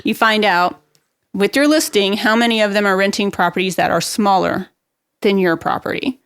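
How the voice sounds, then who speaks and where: A woman speaking as a guest expert on a real estate podcast. She gives practical marketing advice in a brisk, upbeat way. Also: medium pitch, a bit bright, smooth, no room sound, studio quality. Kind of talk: podcast interview, explaining marketing tips.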